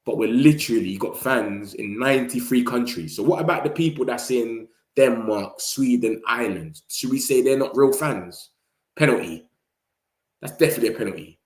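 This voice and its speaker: A man's voice: mid-range voice, expressive, normal speed, darkish tone, reverberant. A young man, chatting casually and rambling about football on a live stream. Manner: rambling, slangy, reacts to the match. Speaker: football vlogger.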